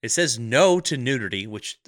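A man with a mid-pitched, bright voice co-hosts a movie podcast. He is wry, laughs often and moves his pitch around a lot. The sound is dry and close to the mic. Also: animated, moderate pace, no room sound. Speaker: podcast co-host. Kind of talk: casual chat.

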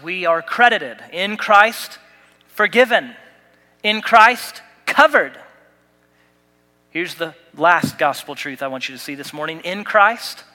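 A man's voice: fairly high pitch, sharp tone, big-room sound. A man pastor delivering a sermon, preaching with emphatic repetition and light humor. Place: church sanctuary.

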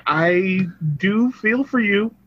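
A man's voice: high voice, slow. A man co-hosting a podcast in casual chat, easygoing and often laughing. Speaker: podcast co-host. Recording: dull muffled audio.

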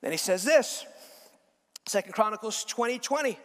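A man preaches with a strikingly high voice, reading passages and then driving points home with repeated, shouted phrases. His voice rings through a large hall, trailing a long echo. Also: animated, moderate pace, long pauses. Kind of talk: sermon.

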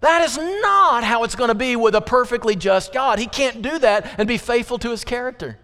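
High-voiced preacher in an echoing church. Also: male voice, steady tone, a bit bright. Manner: impassioned, voice rising into pleading questions and dropping low and slow for emphasis. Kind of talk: sermon. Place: church sanctuary. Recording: long reverb of a church hall.

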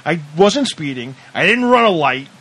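A man's voice: fairly high pitch, very animated, normal speed, a bit bright, slightly rough. A man in his thirties telling a story in casual chat, heated, swearing a lot and rambling. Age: 30s.

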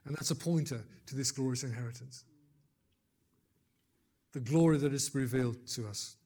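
An older man preaching a sermon, building to loud emphatic peaks and then dropping low, with conversational asides and gentle humor. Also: normal speed.

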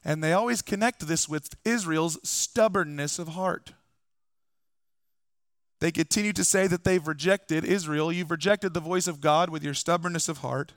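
A man's voice: a little high, moderate pace, no room sound, clean studio sound. Conversational male pastor preaching a sermon. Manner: conversational preaching with joking asides. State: recovering from illness. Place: church.

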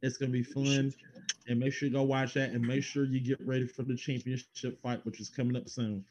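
A man's voice: medium pitch, flat delivery, fairly quick, darkish tone, a little hiss or hum. A man co-hosting a podcast, rambling through show plugs in loose casual chat, laughing and swearing now and then. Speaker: podcast co-host doing plugs.

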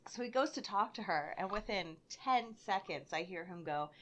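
A young woman telling a story on a casual podcast, laughing often and getting loud when she acts out quotes. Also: medium pitch, expressive, normal speed, few pauses, muffled recording. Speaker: bartender guest.

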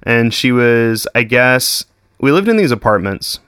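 A young man in his twenties tells stories in a loose, rambling chat, dropping curse words and filler words everywhere. His voice sits at an ordinary pitch and sounds close and dry, with no room sound around it. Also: big pitch swings, a little slow, fairly bright tone, clear, resonant tone, dry recording. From Texas. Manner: swears constantly, says "like" and "dude" a lot. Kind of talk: casual chat.

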